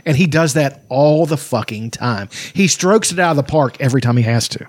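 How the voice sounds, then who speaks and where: A man's voice: mid-range voice, animated, brisk, no room sound. A man in casual chat, enthusiastic and swearing freely.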